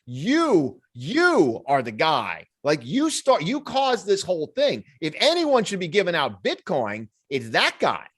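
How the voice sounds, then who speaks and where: A man co-hosting a podcast in casual chat, his pitch swinging widely as he spins out hypotheticals. He is an animated storyteller who laughs easily and slips into the voices of the people in his stories. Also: measured pace, few pauses, husky. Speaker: podcast co-host.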